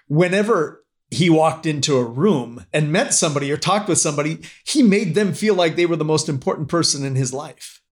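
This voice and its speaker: Man host asking a rambling question. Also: fairly high pitch. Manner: conversational, restarts mid-question. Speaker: interviewer host. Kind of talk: casual interview question.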